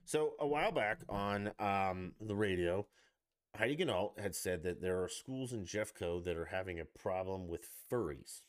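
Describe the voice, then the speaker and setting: A low-pitched man rants through a political podcast monologue. He talks bluntly and sarcastically and swears freely. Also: moderate pace. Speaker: podcast host. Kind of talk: angry political rant.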